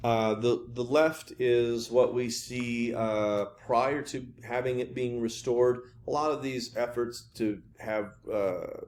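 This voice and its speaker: A male art history professor lectures in a casual, chatty way. His voice sits at a middle pitch, and he often restarts and fills pauses as he goes. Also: a little hiss or hum. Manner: chatty, with many fillers and restarts.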